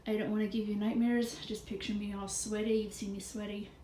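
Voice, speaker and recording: A bubbly, joking woman vlogger chats breathlessly to her viewers while filming her bedroom on a handheld phone. Her voice sits mid-range, brisk and warm, with a level tone. The room sounds echoey, with faint background noise.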